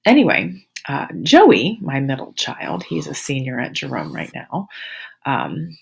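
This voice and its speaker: A woman's voice: rumbling low, wildly swooping pitch, a little slow, creaky, husky. A woman in her forties, a teacher, telling her students a rambling, amused story in a casual, chatty way.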